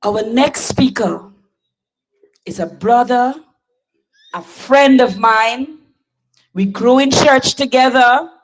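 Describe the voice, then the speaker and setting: A woman's voice: a little high, takes it slowly, pauses often, rough recording. A woman emceeing a rally, chatting playfully with the crowd and introducing speakers. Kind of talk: casual stage hosting.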